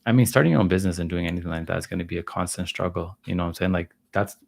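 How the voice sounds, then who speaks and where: A man's voice: low-pitched, racing, gravelly. A man in his thirties hosting a casual livestream and answering viewer questions, talking loosely with plenty of "like" and "you know". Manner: loose, relaxed talk full of "like" and "you know".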